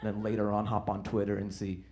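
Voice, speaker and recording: A man's voice: on the low side, completely flat delivery, a little fast, a little mellow. A man doing observational stand-up comedy in an easygoing manner.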